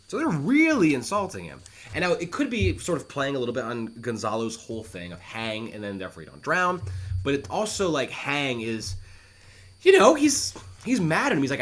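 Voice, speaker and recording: A man's voice: medium pitch, very animated, fairly quick, fairly bright tone. A man casually explaining an old play line by line, in a conversational teaching style.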